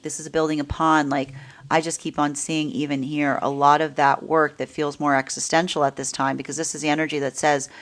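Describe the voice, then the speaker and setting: A woman giving a live tarot reading, talking in an animated, rambling way and often asking "right?" between points. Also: low-pitched. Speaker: tarot reader.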